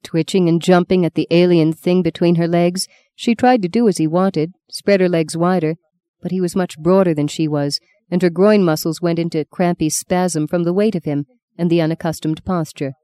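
A woman narrating an audiobook in a steady, measured storytelling voice, close to the mic. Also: fairly low pitch, dry recording. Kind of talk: scripted narration.

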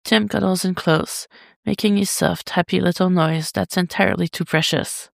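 A reader narrating a fan story as an audiobook, in an intimate, even delivery. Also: medium pitch, moderate pace, creaky, no room sound, studio quality. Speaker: podfic reader.

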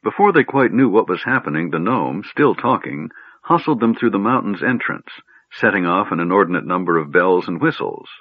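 A man narrating a fantasy audiobook in a measured storytelling manner, recorded on a narrow phone-like line. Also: deep voice, big pitch swings, breathy edge, no room sound. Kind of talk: scripted narration.

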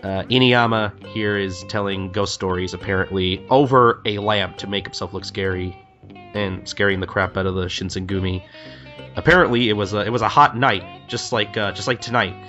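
Recapping a manga in casual podcast talk, the male co-host tosses off quick voiced quotes between plenty of fillers. He speaks in a lowish, bright, forceful voice, though the audio is dull and faint music plays underneath.

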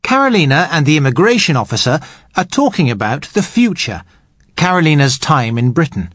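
Brief: patient male English teacher, fairly high, lively pitch, dry close mic. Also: no room sound. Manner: patient, measured. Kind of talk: explaining grammar to learners.

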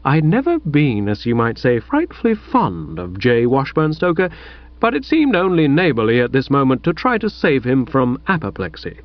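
A man reading a comic novel aloud, expressive and lively, with shouted character lines. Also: mid-range voice, normal speed, dry recording. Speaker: audiobook reader. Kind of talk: scripted narration. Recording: dull dry lo-fi recording.

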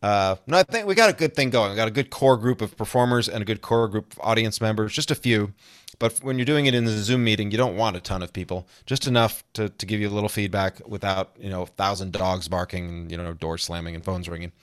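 A man's voice: on the low side, fast talker, no room sound, studio quality. A man chatting as a podcast guest, rambling through asides and laughing often. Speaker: podcast guest, comedy songwriter. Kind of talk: casual interview chat.

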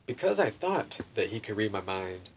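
A man's voice: lowish voice, big pitch swings, moderate pace. Rambling young man telling a story. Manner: rambling, full of "like" and swearing, laughs often. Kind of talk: casual storytelling chat. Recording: faint background noise.

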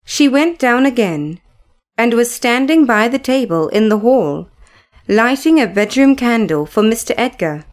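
Slow, measured woman narrator. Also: a little high, animated. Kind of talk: scripted storybook narration.

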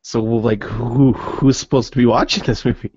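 Male co-host, mid-pitched, dry humor, dead dry room, dull lo-fi audio. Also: steady tone, moderate pace, a little mellow, breathy edge, dry recording. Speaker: podcast co-host. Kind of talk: casual chat.

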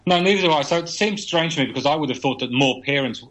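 A man's voice: on the high side, fast talker, fairly bright tone, rough recording. Australian-raised man explaining research on radio. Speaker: business futurist guest. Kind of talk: radio interview chat.

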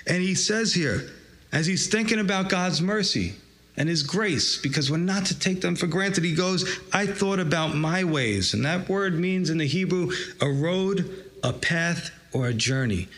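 A man's voice: high voice, expressive, a little slow, a bit bright. A man preaching a sermon, reading scripture aloud and drawing out its lesson with rising emphasis. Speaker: pastor.

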